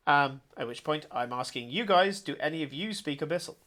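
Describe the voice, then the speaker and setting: Animated game master, higher voice. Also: male voice, normal speed. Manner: animated, shouting out character lines. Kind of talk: narrating a tabletop game.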